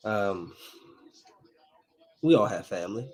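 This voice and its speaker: Rambling, lively man hosting a podcast. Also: fairly low pitch, takes it slowly, husky. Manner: rambling, laughing, talks to viewers. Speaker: podcast host. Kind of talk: casual solo podcast chat.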